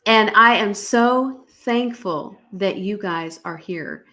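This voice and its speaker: A middle-aged American woman with a sharp, medium-pitched voice hosts a live-stream podcast, speaking slowly in an emphatic, motivational way and greeting viewers.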